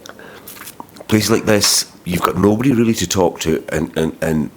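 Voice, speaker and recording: Low-voiced guy vlogging, rambly and sweary, loud noise behind him. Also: measured pace. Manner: swears often, rambling and heated, with many restarts. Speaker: travel vlogger. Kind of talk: vlog storytelling.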